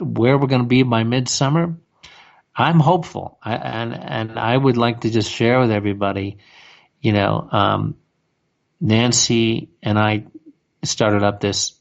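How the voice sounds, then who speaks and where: A man's voice: on the low side, unhurried, gravelly, muffled recording. A man co-hosting a radio show, talking in a rambling casual way with lots of "you know" and restarts. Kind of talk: casual talk radio chat.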